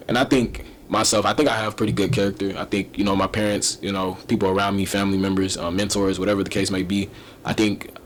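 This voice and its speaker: A young man answers interview questions in an easygoing, casual way, often laughing and filling pauses. His voice sits a little low. A faint layer of noise runs underneath. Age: young adult. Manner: relaxed, easygoing, laughs often, many you-knows. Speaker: interview guest.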